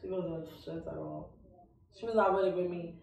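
A woman in a casual chat, playful and joking, with quick asides. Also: fairly low pitch, fairly even intonation, gravelly, darkish tone. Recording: very echoey room, mic at a distance.

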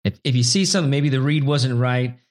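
A man's voice: mid-range voice, brisk. A man, an actor, chatting casually and eagerly sharing anecdotes. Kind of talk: casual chat.

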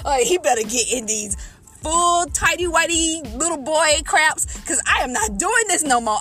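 A young woman with a high, bright voice tells a story from her car, excited and exasperated, laughing through her words. She speaks casually to her listeners, with faint music in the background. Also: moderate pace. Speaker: podcast host. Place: in her car, parked and driving. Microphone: phone.

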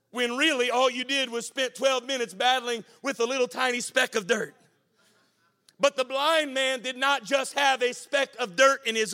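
A man preaching a sermon as pastor, impassioned, rising to shouts and a sing-song cadence. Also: very high voice.

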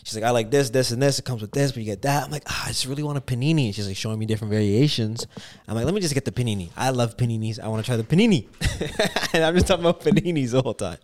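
A young man hosting a podcast, telling a story in casual chat, animated and laughing as he goes. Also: mid-range voice. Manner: quick and animated, laughs through his lines. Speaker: podcast host.

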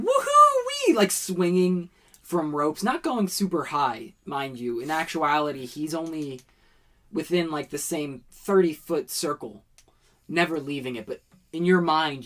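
A man as game master, narrating a tabletop roleplaying scene in a descriptive, dramatic way. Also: on the high side.

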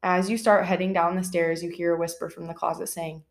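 A woman's voice: on the low side, level tone, brisk, vocal fry. A young woman co-hosting a podcast, chatting casually and telling scary stories, with lots of fillers. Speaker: podcast co-host.

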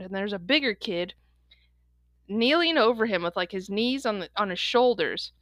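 A young adult woman co-hosting a podcast, telling stories in a quick, animated way and laughing often. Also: on the high side, no echo, studio quality. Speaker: podcast co-host. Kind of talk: casual chat.

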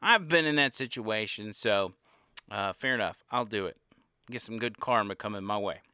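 A man spinning a casual anecdote with lively, rising and falling delivery. His voice is bright and crisply clear, and it is recorded close and dry with no room sound. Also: normal speed, no room sound. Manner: animated, with varied pitch and loudness. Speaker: storyteller.

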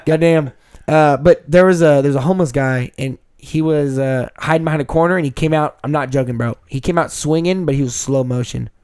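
Dude rambling cussy stories fast, kinda high voice, podcast hangout. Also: male voice, clean tone. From Texas. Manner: profane, rambling, animated storyteller. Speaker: podcast co-host and streamer. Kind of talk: casual storytelling chat.

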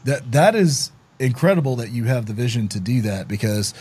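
Male podcast host, husky, easygoing, anecdote teller. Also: medium pitch, brisk. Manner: relaxed, tells jokey anecdotes. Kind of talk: casual interview chat.

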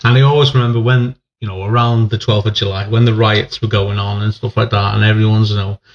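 A man's voice: fairly low pitch, level tone, fast, highs cut off. A man in his forties, an army veteran who was born in England and raised in Northern Ireland, telling rambling stories in a casual podcast chat. He swears freely and laughs often.

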